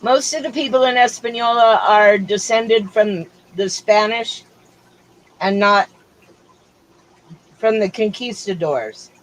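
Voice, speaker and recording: A woman's voice: mid-range voice, takes it slowly, pauses often, rough recording. Rambling middle-aged woman streamer. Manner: rambling, chatty, drifts between topics with fillers. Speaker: livestream host. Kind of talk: casual chat.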